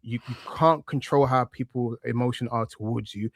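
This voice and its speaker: A man's voice: mid-range voice, moderate pace, vocal fry, no room sound. East london guy in his 30s on a podcast, thick accent, lots of uhs, dead dry sound. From East London, England. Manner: relaxed and reflective, many fillers and restarts. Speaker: podcast guest, wrestling media presenter. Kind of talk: casual interview chat.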